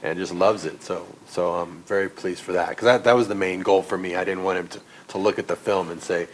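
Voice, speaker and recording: A man with a very low voice answers interview questions in a relaxed, conversational way. Faint noise hangs in the background. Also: fairly quick, hardly any pauses, poor audio. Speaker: film director. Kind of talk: press junket interview.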